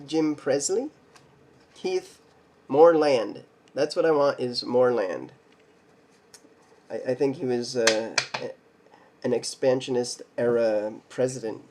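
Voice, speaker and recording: A man hosting a card collecting video, slowly reading names off cards, stumbling over some and making little jokes to himself. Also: on the high side, a little mellow, slight background noise. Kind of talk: casual mail day card showcase.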